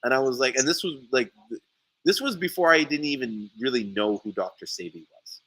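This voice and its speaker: A man in casual podcast chat, telling an animated story with frequent swearing and restarts. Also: mid-range voice, brisk, no room sound, low-quality recording. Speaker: sea moss seller. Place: St. Lucia.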